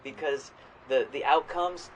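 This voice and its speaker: A man co-hosting a podcast in casual chat, rambling and swearing freely, sometimes jumping into loud quoted voices. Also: a little high, unhurried, slight background noise, poor audio. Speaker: podcast co-host.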